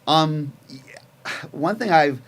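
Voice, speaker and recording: A man's voice: a little high, animated, takes it slowly. Encouraging male interview host. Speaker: podcast host. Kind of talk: casual interview chat.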